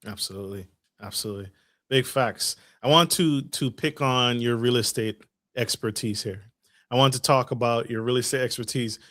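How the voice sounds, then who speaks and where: A man hosting a podcast interview, asking questions in a halting way and affirming his guest. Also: medium pitch, fairly bright tone, no room sound, studio quality. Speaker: podcast host. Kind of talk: casual interview talk.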